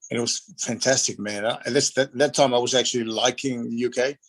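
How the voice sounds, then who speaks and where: A man's voice: mid-range voice, fairly even intonation, brisk, fairly bright tone, rough recording. A middle-aged Australian man, a retired wrestler, casually telling rambling anecdotes in an interview and acting out the voices of people in his stories.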